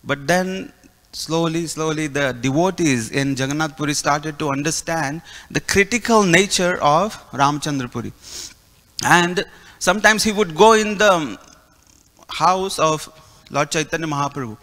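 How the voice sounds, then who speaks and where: A man's voice: on the high side, a little slow, pushed and bright. A man preaching in a temple hall, telling a story and acting out its dialogue with animation. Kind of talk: storytelling sermon.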